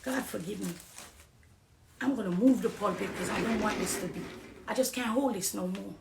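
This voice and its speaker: A middle-aged Jamaican woman giving an impassioned personal testimony on a live stream, preachy, swinging between hushed confiding and loud accusing. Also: mid-range voice, moderate pace, creaky, reverberant, background noise. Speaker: dancehall artist on a live stream.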